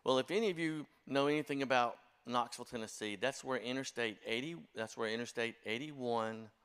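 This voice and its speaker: A man's voice: medium pitch, fairly quick, a bit bright, clean tone. Older man, music director type, spins folksy self-deprecating church stories. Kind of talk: storytelling talk to a congregation.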